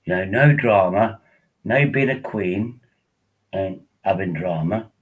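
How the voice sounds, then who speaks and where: A man's voice: deep voice, slow, slightly rough, rough recording. A tipsy man rambling casually as he hosts a live stream, coaxing viewers to join him on air. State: tipsy from drinking. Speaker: livestream host.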